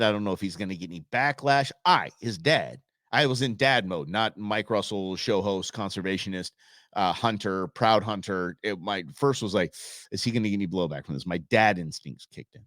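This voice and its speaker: A man's voice: on the low side, moderate pace, a bit bright, dry recording, studio quality. A middle-aged man hosting a show, telling stories in a rambling, casual way with many restarts. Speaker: show host. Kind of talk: casual podcast monologue.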